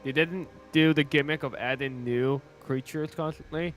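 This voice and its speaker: A man chatting casually and joking while streaming a co-op game, swearing freely and cutting in with loud bursts. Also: on the high side, fairly even intonation, normal speed, soft background music. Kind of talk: casual gaming chat.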